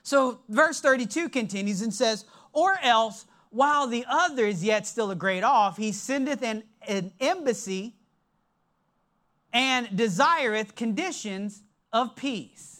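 Slow, deliberate preacher with lively pitch. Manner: emphatic, slow and deliberate, drops low for stress. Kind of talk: sermon.

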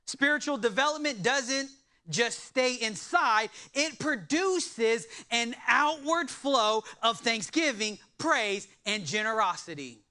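A man preaching a sermon in an animated way, with joking asides to his congregation. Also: extremely high pitch, slow. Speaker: pastor.

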